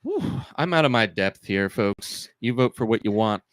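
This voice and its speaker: A man's voice: fairly low pitch, big pitch swings, normal speed, no room sound. Podcast co-host guy, self-mocking jokes, dry close mic. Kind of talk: casual podcast banter.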